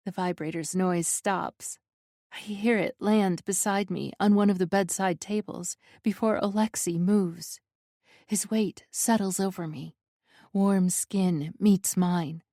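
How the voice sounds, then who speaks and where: Female narrator, slow intimate romance read, breathy pleading delivery, dry studio sound. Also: mid-range voice, steady tone, mellow, no room sound. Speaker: audiobook narrator. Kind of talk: first-person romance audiobook narration.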